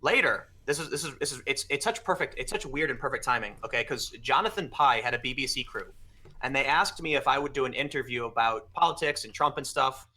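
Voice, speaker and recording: Guy talking real fast, bright sharp voice, telling a story in a casual chat. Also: medium pitch. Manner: fast, animated anecdote-telling with quoted exchanges. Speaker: podcast guest.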